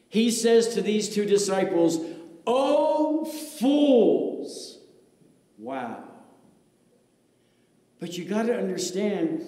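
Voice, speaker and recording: A male pastor preaching with a high, lively voice that climbs and drops dramatically. He takes his time, swinging between big exclamations and hushed lines. The sound rings through a big echoey church with long reverb. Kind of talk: sermon. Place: church sanctuary.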